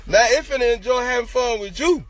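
A man's voice: very high-pitched, a little fast, crowd noise. A man in loose, profane casual chat on a podcast, telling stories and peppering them with "know what I'm saying". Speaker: podcast co-host.

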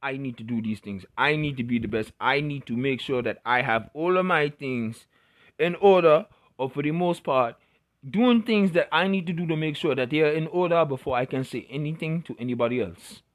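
A man's voice: on the high side, normal speed. A man giving a passionate, blunt, profanity-laced motivational rant to camera.

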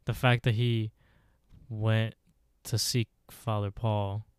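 A man co-hosting a podcast, chatting casually with short agreeing replies and quick bursts of talk. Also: lowish voice, little pitch movement, smooth, no echo. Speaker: podcast co-host. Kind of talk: casual recap discussion.

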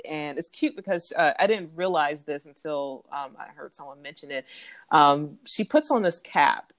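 Low-voiced woman recapping casually. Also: no echo. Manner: relaxed, with many fillers and recaps. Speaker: podcast co-host recapping a TV episode. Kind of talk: casual chat.

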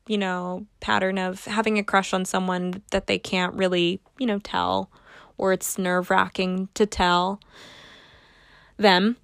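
A woman's voice: mid-range voice, vocal fry, a bit bright, clean tone, no room sound, studio quality. A young adult woman hosting a casual solo podcast, rambling and joking at her own expense. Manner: rambling, self-mocking humor. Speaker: podcast host.

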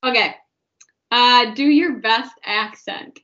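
A chatty, giggly woman in her twenties hosts a podcast in a bright, fairly high voice, filling her talk with "like." The sound is dull and lo-fi. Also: slow. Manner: giggly, chatty, says "like" a lot. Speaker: podcast host. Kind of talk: casual chat.

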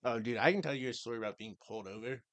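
A man's voice: medium pitch, racing, no room sound. Young man swearing through a story. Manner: storytelling, swearing, acts out quoted voices. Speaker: podcast co-host. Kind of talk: casual chat.

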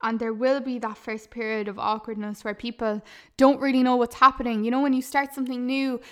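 Girl in her 20s on her podcast, bit high, chatty and earnest, laughs a lot. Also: little pitch movement, a little fast, a bit bright. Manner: chatty and earnest, laughs often, says "lads" and "like". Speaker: podcast host and YouTuber. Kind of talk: casual podcast chat.

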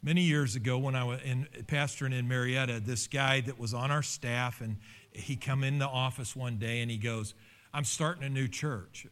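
A middle-aged man, a pastor, preaching a sermon with animated rises in pitch and telling stories from his own past. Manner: animated preaching with pitch leaps and personal storytelling.

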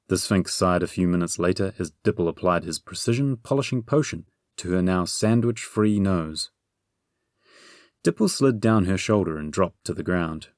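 A man narrating a fantasy audiobook in a measured, gently humorous storytelling manner. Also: deep voice, no room sound, studio quality.

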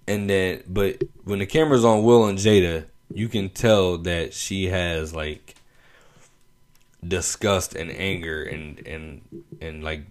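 A man's voice: sits low, darkish tone. A young man hosting his own show, telling a story in a laid-back, slangy way and laughing often. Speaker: podcast host. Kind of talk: casual opinion monologue.

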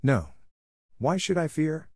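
A man doing a bold, defiant boy raised by wolves in a storybook reading, eager and brave. The voice is lifted well above the reader's own low tone, recorded close and dry. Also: sing-song, slow pace, a little mellow, slightly rough, no room sound, full character voice. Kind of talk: audiobook reading.

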